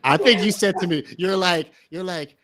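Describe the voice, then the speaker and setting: A woman's voice: fairly low pitch, normal speed, a bit bright. A woman in a casual group chat, teasing and jumping in to add details.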